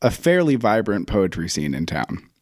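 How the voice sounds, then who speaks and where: A man's voice: fairly low pitch, very animated, normal speed, a little mellow, no echo, clean studio sound. A man speaking as a guest writer and theater director in a casual interview, telling stories and acting out his own past remarks as he goes. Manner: reflective storyteller who acts out his own past remarks.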